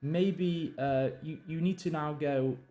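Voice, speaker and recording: A man's voice: fairly high pitch, mellow. Man thinking aloud while drafting a novel. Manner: halting, many fillers and restarts, reads draft lines aloud. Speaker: novelist live-streaming his writing.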